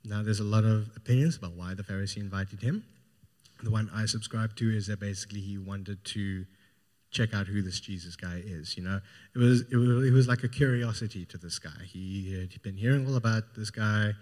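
A man's voice: fairly low pitch, a little fast, darkish tone. A man preaching a sermon, retelling a Gospel story in an informal, storytelling way. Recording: long hall reverb.

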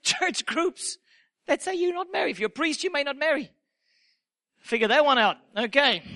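A male pastor delivering a sermon with a strikingly high, bright voice. He preaches in a lively, playful way, slips into little acted quotes and laughs at his own jokes.

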